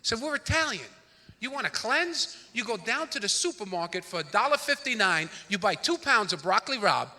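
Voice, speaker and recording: A brash New comedian working the room from a stage mic, his voice high and piercingly bright. He punches out his stories fast, and the theater's long reverb trails each line, with a faint hum of the room behind. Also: animated. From New York, the Bronx. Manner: brash, rapid-fire storytelling. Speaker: stand-up comedian. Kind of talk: stand-up comedy routine.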